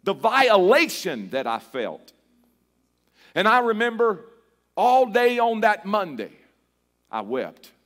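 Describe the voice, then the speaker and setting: A middle-aged male pastor preaching a sermon in a church, moving from hushed storytelling to a fervent, half-sung shout. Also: high-pitched, huge pitch swings, slow pace, long pauses.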